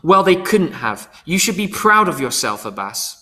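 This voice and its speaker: A man voicing a proud older father who talks seriously and measured. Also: on the high side, big pitch swings, bright, forceful tone, voice pushed up. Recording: long hall reverb.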